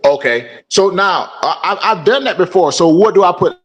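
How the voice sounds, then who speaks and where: A man's voice: sits high, lively intonation, normal speed, a bit bright. A man calling in for advice, polite and deferential, answering with "yes, sir". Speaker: caller asking for advice.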